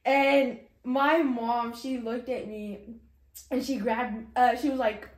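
A woman's voice: a little high, steady tone, takes it slowly, echoey room. A young woman casually sharing an emotional personal testimony, full of "like" and "you know". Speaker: guest sharing her testimony.

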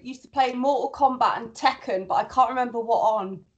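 A woman in her thirties talks as a podcast guest. Her voice sits a bit high, and her manner is candid and wry. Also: a little fast, dull audio. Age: 30s. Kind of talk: casual podcast chat.

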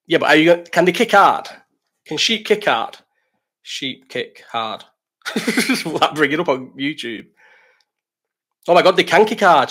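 A man's voice: mid-range voice, fairly bright tone. A man hosting a casual live stream, reading chat questions, rambling, swearing and laughing.

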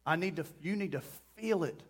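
A man's voice: on the high side, lively intonation, brisk, slightly rough. A man preaching a sermon as pastor, impassioned and pleading at times, acting out quoted voices as he goes. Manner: impassioned preaching, rising to loud pleading prayer.

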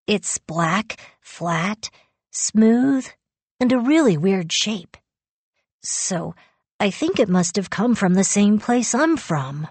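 A shy, serious young boy, calm and earnest, speaking slowly in a low, breathy tone, as a woman reads him aloud. The audiobook voice is close and dry, with no room around it. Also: no echo, exaggerated voice. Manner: calm, earnest, softly matter-of-fact. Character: quiet, serious young boy who believes he is an alien.

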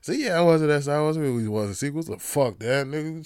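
A man's voice: fairly high pitch, lively intonation, a little fast, hardly any pauses, a little mellow, clear, resonant tone, no room sound, clean studio sound. A man hosting a podcast on his own, ranting in a casual, profane, rambling way that often turns heated. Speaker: podcast host. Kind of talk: casual solo podcast rant.

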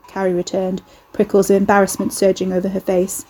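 A woman reading a novel aloud in steady scripted narration. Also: medium pitch, a little fast, hardly any pauses, poor audio. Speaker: audiobook narrator.

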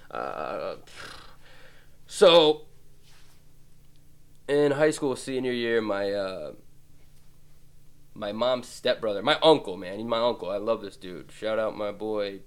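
A man in his twenties hosting a podcast, telling rambling, profane comic stories and laughing along the way. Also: fairly low pitch. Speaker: podcast host.

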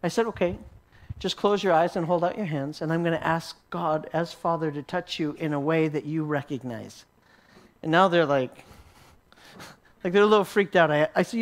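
A man's voice: a little high, moderate pace. A man teaching a sermon as a story, often repeating words as he restarts and chuckling along. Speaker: Christian teacher.

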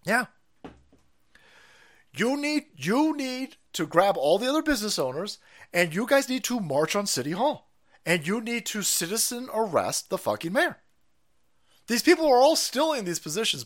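A man hosting a stream, ranting loudly about politics with constant swearing and bursts of laughter. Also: fairly high pitch. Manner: loud, swearing, laughing at his own jokes. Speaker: stream host. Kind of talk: profane political rant.

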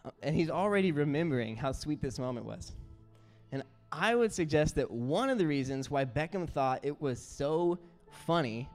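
A man preaching a sermon as pastor, telling stories in an earnest, animated way. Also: on the high side. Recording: roomy hall with faint music.

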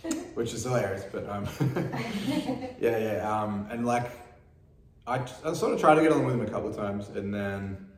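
A man's voice: on the low side, normal speed. A man hosting a casual chat, telling stories candidly and laughing at them, swearing freely. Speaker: podcast host and musician. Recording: echoey room with guitar.

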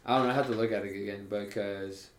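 A man's voice: fairly low pitch, fairly even intonation, fast talker, a little hiss or hum. Slangy young man in an echoey room. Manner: loose, profane, says bro a lot. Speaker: podcast co-host and college soccer player. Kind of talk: casual chat.

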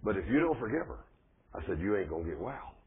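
Husky preacher man on a thin line. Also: lowish voice, sing-song, fast. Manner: folksy, conversational preaching with plain speech and rising emphasis. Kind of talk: sermon. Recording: phone-like, thin lo-fi recording.

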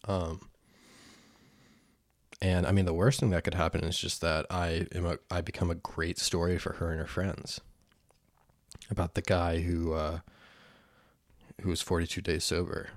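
A young man with a deep, low voice rambles to himself in a casual vlog, recorded alone in his room. He pokes fun at himself and keeps stopping and restarting his sentences. The sound is close and dry, with no echo around him. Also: flat delivery, normal speed, long pauses. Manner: rambling, self-mocking, restarts often. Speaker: vlogger. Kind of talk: casual self-talk vlog.

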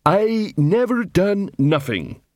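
A man doing a slow growling sullen troll. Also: sits high, big pitch swings, darkish tone, dry recording, studio quality, pitched above the performer's own voice, heavily acted. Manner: slow, growling, sulky mumble. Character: sullen hulking troll prisoner.

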